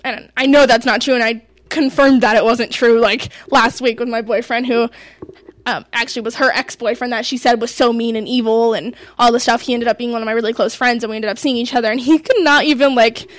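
Animated young woman telling a story. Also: on the high side, fairly quick, no echo. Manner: animated, quotes herself and others. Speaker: co-host. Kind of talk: casual storytelling.

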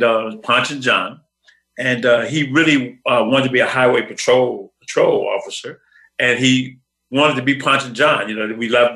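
A man's voice: medium pitch, pushed and bright, low-quality recording. A man hosting an interview show, recapping a guest's story in a casual way with fillers. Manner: recaps with many fillers and restarts. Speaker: show host. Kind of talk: interview talk.

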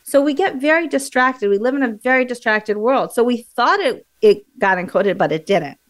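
A woman with a fairly high voice talks as a memory coach in an interview. She explains things like a teacher. She acts out little examples as she goes. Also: normal speed. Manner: lively, teacherly, demonstrates with examples.

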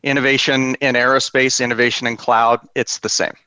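A man speaking as a panel guest, thoughtful, with many ums and uhs as he pauses to think. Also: medium pitch, flat delivery, bright, forceful tone, clean tone, no room sound. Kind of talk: conversational panel talk.

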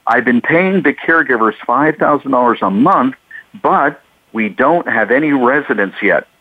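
A man's voice: medium pitch, lively intonation, normal speed, dry recording. A male co-host in casual radio talk, telling stories and acting out the lines of the people he quotes. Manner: storytelling, acts out callers' lines. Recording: dry, phone-like radio audio.

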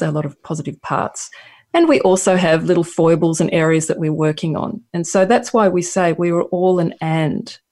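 A guest author with an Australian accent, answering interview questions in a reflective way with many pauses and restarts. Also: medium pitch, darkish tone.

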